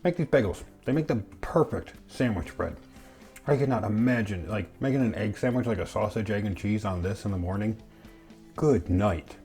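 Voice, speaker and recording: A man with a lowish, darkish voice speaks at a moderate pace over soft background music while hosting a casual home cooking vlog. He jokes playfully and talks to himself as he bakes, eating and chewing while he speaks.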